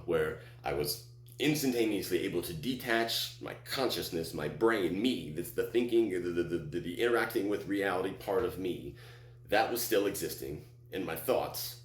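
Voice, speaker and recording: Deep-voiced man telling a rambling story. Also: roomy sound. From Texas. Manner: rambling, with many restarts and acted quotes. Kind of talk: personal story told on stage.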